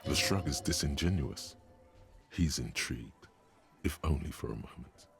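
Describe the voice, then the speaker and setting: An actor as a detached, omniscient video game narrator with measured, literary delivery. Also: male voice, rumbling low, expressive, vocal fry, faint music behind, exaggerated voice.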